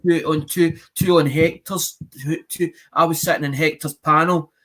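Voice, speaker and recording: A man's voice: on the high side, fairly even intonation, normal speed, a bit bright, poor audio. Rambling Scottish man. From Scotland. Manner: rambling with restarts. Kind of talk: casual chat.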